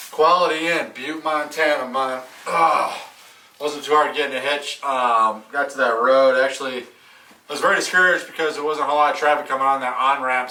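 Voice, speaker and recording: A man talking casually to his camera while out on a long hike, swearing freely and rambling in a relaxed way. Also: mid-range voice. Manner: profane, laid-back, rambling. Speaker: thru-hiker vlogger. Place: outdoors on a trail, later a hotel room.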